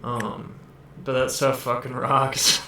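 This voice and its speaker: A man hosting a podcast from home over a video call, joking deadpan and swearing a lot in casual chat. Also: medium pitch, slow, a little hiss or hum. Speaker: podcast host.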